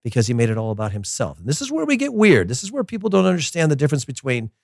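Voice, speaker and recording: Ranting man with lively pitch. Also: rapid-fire, creaky, no room sound, studio quality. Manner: ranting, emphatic, repeats words. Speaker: former player and soccer coach. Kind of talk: impassioned monologue.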